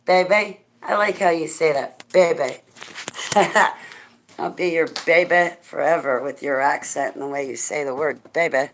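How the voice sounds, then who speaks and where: A woman with a low, deep-set voice talks loosely to her live audience. She rambles from one thought to the next and breaks into laughter often. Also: slight background noise. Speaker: livestreamer answering chat. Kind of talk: casual chat.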